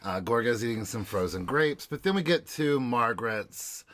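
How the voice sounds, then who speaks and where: A man co-hosting a podcast, recapping a TV episode in brisk, easygoing casual chat. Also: mid-range voice, expressive, a bit bright. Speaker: podcast co-host.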